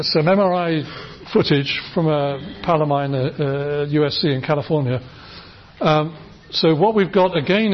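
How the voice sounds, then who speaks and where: A middle-aged university lecturer, fairly high in pitch, chats enthusiastically through his class demonstrations and keeps restarting sentences. The lecture recording is dull and lo-fi, carrying a little hiss or hum.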